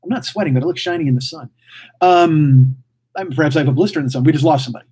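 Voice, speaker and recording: Fast-talking husky-voiced motor-mouth man. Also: a little high, warm tone. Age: 40s. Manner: rambling, profane motor mouth; mouthy, blurts without thinking. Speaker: podcast host reading live chat. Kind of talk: casual livestream chat.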